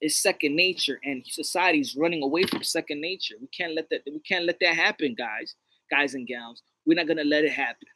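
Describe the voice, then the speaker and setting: A man co-hosts a podcast in casual chat, rambling in a preachy, repetitive way. His voice is a little high and a little fast, pushed and bright, and the recording quality is low.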